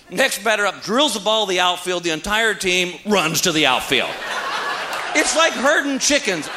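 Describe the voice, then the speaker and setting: A man doing stand-up comedy, telling stories animatedly and acting out the characters. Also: high-pitched. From Texas. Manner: animated storytelling, acts out characters. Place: stage before a live audience. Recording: live show with audience laughter. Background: audience laughter and noise.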